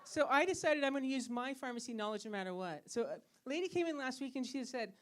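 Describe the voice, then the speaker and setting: A woman with a high voice works a comedy club stage with a handheld mic. She teases the crowd with quick questions and deadpan jabs between jokes. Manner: teasing, asks the crowd questions. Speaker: stand-up comedian and pharmacist. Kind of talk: stand-up comedy set.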